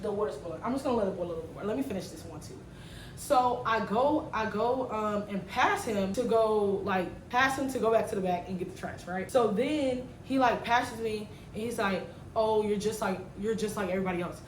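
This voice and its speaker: A woman in her twenties telling a slangy, animated story while she cooks in her kitchen. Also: medium pitch, moderate pace, slight background noise. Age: 20s. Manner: animated, slangy, swings loud when retelling. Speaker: vlogger. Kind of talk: storytime vlog while cooking. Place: home kitchen. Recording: echoey room, mic at a distance.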